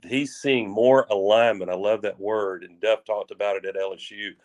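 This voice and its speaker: Sports talk co-host, male, fairly low voice, folksy and rambling. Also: fairly even intonation, a little mellow. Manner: rambling, folksy, drawn-out phrases with restarts.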